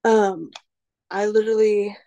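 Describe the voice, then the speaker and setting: A woman in her twenties, a recovery speaker, shares her story in a frank, self-deprecating testimony, rambling with plenty of "you know" and "um." Her mid-range voice is mellow, with little pitch movement, and she speaks a little slowly. The recording is rough.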